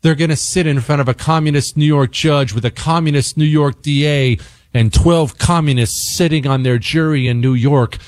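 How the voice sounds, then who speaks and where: A man's voice: a little high, moderate pace, darkish tone, no echo, clean studio sound. A man hosting a talk radio show, giving an angry, emphatic political monologue and repeating words for stress.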